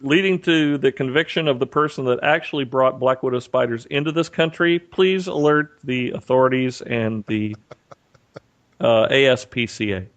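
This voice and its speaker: Animated male podcast storyteller. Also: medium pitch, normal speed, highs cut off. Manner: animated storyteller, acts out quotes. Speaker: podcast co-host. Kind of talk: casual storytelling chat. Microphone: remote call mic.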